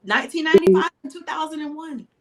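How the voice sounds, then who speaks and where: A middle-aged woman with a fairly high voice and an earnest, consoling, preacherly delivery. She coaches spiritual wellness and talks with a caller on her show. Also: expressive, quick pace, a crowd in the background. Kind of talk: emotional live-show chat with a caller.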